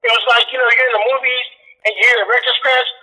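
High, bright-voiced man ranting bluntly. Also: fairly even intonation, quick pace, faint music behind, rough recording. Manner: blunt, swears constantly, ranting. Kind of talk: casual profane political chat.

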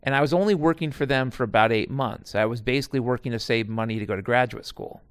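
A man's voice: medium pitch, quick pace, clear, resonant tone, dry recording, studio quality. Rambling, foul-mouthed man telling stories. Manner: digressive, profane, frequent restarts and asides. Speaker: storyteller recounting past jobs. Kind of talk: casual rambling monologue.

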